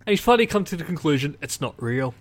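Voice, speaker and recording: A man's voice: a little high, sing-song, fast. A man co-hosting a casual podcast, reading out news items with hesitant ums. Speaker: podcast co-host presenting news stories. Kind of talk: casual chat.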